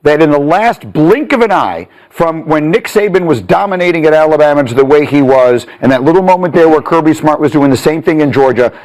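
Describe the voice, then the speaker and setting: A man hosting a morning sports talk show, playful and quick to laugh as he chats. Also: on the high side, expressive, a little mellow.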